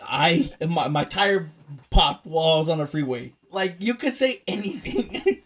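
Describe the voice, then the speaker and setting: A man's voice: on the high side, expressive, measured pace, a bit bright. A man co-hosting a podcast, chatting casually and joking in a playful way. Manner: joking, playful, puts on silly voices. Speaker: podcast co-host. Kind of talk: casual chat.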